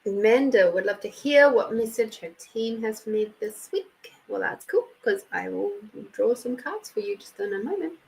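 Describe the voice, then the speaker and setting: A woman's voice: on the high side, expressive, moderate pace, creaky, a little mellow, poor audio. A woman hosting a casual live card reading, chatting with viewers by name and reading card texts aloud. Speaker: host and intuitive card reader.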